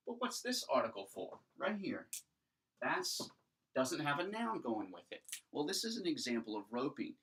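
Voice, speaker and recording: Homem professor explicando, voz distante do microfone. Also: male voice, mid-range voice, huge pitch swings, measured pace, long pauses, a bit bright, a little hiss or hum. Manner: explanatory, thinks aloud while writing, asks rhetorical checks. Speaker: Greek teacher. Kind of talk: recorded classroom lecture at a whiteboard.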